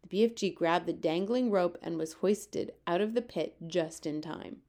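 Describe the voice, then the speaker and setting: A woman reading a children's book aloud with steady, expressive storytelling. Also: on the low side, moderate pace. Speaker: reader.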